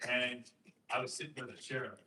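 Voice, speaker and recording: A man talking to a host, explaining and telling a story with emphatic rhetorical questions and lively quoted voices. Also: mid-range voice, a little fast, recorded from a distance, background noise. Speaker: guest speaker on election systems.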